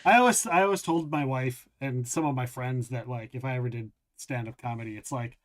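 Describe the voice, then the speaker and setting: A man hosting a live podcast in casual chat, laughing easily and rambling in a relaxed way. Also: medium pitch, a little fast. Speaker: podcast host.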